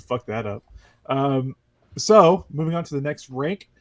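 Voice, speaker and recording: A man's voice: mid-range voice, animated, slow, no room sound. A man hosting a casual gaming podcast, telling stories animatedly and laughing often. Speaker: podcast host. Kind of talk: casual chat.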